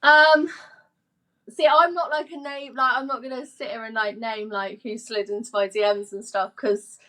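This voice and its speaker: A young woman, a sports presenter, telling stories in a casual interview, chatty and quick to act out what people said. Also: fairly high pitch, steady tone, bright, forceful tone. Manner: chatty storyteller, acts out quoted dialogue, laughs often.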